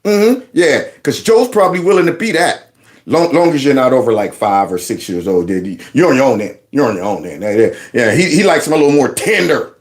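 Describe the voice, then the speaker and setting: A middle-aged man hosting a reaction commentary show, mocking clips in a casual, animated way. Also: mid-range voice, a little fast.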